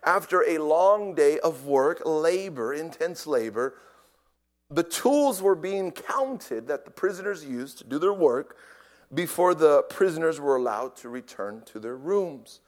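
A man preaching a sermon, telling a story with big swings from shouting to near whispers and a habit of repeating his words as he starts. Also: high voice.

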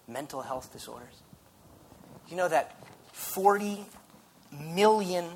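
A man, a pastor, preaching a sermon in a lively, conversational way with frequent restarts. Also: a little high, slight background noise.

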